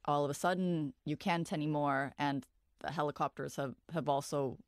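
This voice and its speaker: An interviewer with a smooth, resonant voice and a mid-range pitch asks probing, empathetic questions. The sound is dry and close to the mic. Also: steady tone, moderate pace, no echo.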